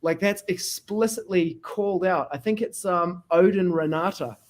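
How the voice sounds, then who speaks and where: During a laid-back interview, a podcast host tells stories with energy, acting out the people in them as he quotes them. His voice is high-pitched and his pace normal.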